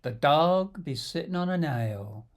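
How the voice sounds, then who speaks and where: A man putting on a slow Southern drawl on a porch. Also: a little high, animated. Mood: laid-back. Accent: Southern American drawl, imitated. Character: laid-back Southern American man on a rocking chair.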